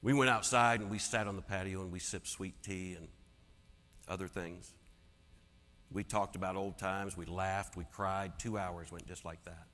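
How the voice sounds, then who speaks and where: A man telling a personal story as a keynote speaker, dramatic and swinging from hushed to loud. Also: low voice, fairly even intonation, moderate pace, a little hiss or hum. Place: large conference hall. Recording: long hall reverb.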